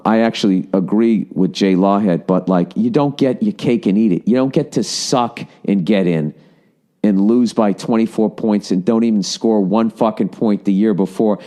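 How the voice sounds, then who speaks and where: A man's voice: fairly low pitch, dark tone. A man hosting his own podcast, ranting comedically with lots of profanity. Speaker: podcast host. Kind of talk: comedic solo rant.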